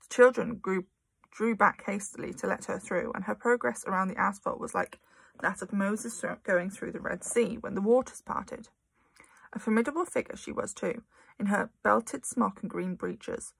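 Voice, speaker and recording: A woman reads a children's story with lively, expressive storytelling. Her voice has a gravelly, husky texture. The sound is dry and close. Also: mid-range voice, normal speed, dry recording. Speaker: narrator. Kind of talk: audiobook reading of a children's novel.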